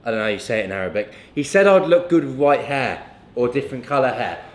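A man's voice: mid-range voice, lively intonation, fast. A young man, a fitness coach, chatting casually in a vlog, joking and swearing freely. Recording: echoey room.

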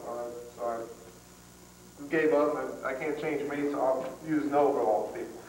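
A man's voice: a little high, fairly even intonation, moderate pace, a little mellow, slight background noise. A man leading a dog training seminar, talking in a plain, folksy way with frequent restarts. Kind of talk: live seminar talk. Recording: echoey hall, far from mic, 1990s tape.

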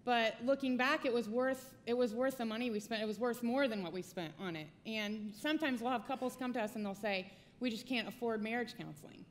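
A woman's voice: fairly high pitch, a little fast, few pauses, in a large hall, slight background noise. Woman sharing stories on a church stage. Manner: conversational, personal anecdotes. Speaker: pastor's wife, co-speaker. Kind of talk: sermon with spouse. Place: church auditorium.

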